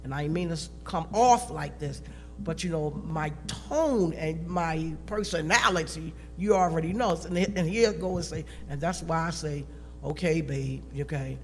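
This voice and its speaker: A woman on a church panel, talking in a lively, emphatic and colloquial way. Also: deep voice, normal speed, big-room sound, a little hiss or hum. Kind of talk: panel discussion.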